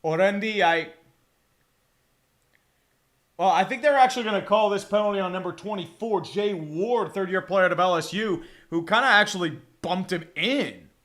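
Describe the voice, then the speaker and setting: A man calling a football game play-by-play on a live fan stream, excitable and profane, chatting with his viewers between plays. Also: sits high, normal speed. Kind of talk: live watch-along commentary.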